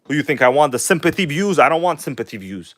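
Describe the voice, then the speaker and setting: This livestream host works on a model engine and chats with his audience, flipping from an animated showman voice to quiet mumbles. He talks fast in a slightly high voice, and the studio-quality audio has no room sound.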